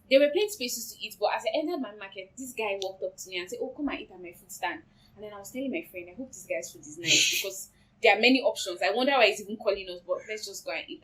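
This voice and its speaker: A young woman with a Nigerian accent, casually telling her side of a love story, lively and often laughing. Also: medium pitch, low-quality recording. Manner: lively, laughing, quotes herself and others. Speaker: co-host.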